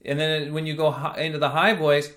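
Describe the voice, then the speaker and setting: A man teaching a singing lesson, explaining slowly and checking in with the listener as he goes. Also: a little high, flat delivery, fairly bright tone. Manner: slow, explanatory teaching with frequent "right?" checks. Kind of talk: singing lesson with sung demonstrations.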